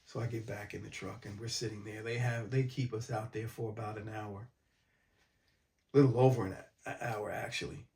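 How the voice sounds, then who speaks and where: A man from mid-state New York, calmly recounting a personal story in a documentary interview. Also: on the low side, moderate pace.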